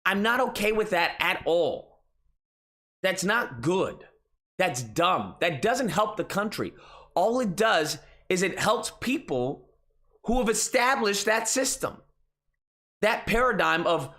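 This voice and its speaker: Male commentary host, lively pitch, exasperated and profane, mocking tone. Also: takes it slowly. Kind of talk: casual ranting commentary.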